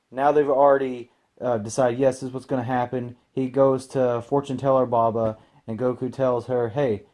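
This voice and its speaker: A young man talks through an anime episode on his own channel in a loose, rambling way, full of fillers and restarts. His voice is mellow and dark, and he gets loud and exasperated when something annoys him. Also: medium pitch. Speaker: anime commentary host. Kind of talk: casual solo commentary.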